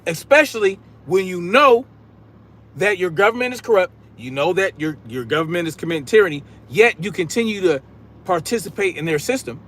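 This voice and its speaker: A man's voice: high-pitched, fairly bright tone, slight background noise. Blunt, combative man on a live stream. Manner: blunt, combative, projects his voice; casual slang, repeats catchphrases. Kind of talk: political commentary live stream, reading chat.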